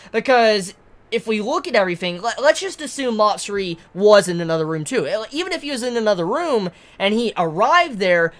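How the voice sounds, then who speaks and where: Woman, manga reviewer. Animated, expressive delivery, swears freely, stumbles and restarts. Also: medium pitch. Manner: excited, swears a lot, stumbles on words. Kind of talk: casual commentary.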